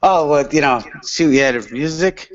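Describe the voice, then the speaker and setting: A man's voice: fairly high pitch, normal speed, highs cut off. A man from England in a casual chat, rambling and slangy with lots of fillers. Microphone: video call.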